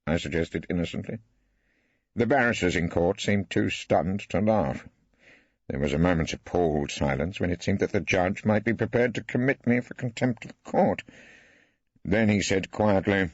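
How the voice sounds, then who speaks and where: A man's voice: low voice, expressive, moderate pace, husky, dry recording. A man reading first-person audiobook narration in a dry, understated way. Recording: dry, slightly dull studio.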